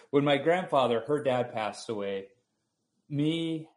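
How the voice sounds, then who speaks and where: A young adult man hosting a conversation, telling a personal anecdote in an animated, storytelling way. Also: medium pitch, takes it slowly.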